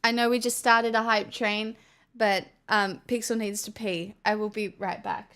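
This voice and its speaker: A woman's voice: mid-range voice, steady tone, measured pace, fairly bright tone, smooth. A woman with an Australian accent chatting playfully to her stream, joking at her own expense. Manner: chatty, playful, self-mocking. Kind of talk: casual livestream chat.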